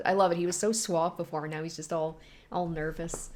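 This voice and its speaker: A woman's voice: lowish voice, steady tone, fairly quick, a little mellow. A young woman hosting a reaction video, chatting casually and gushing about the story. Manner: gushing, chatty, many "like" fillers.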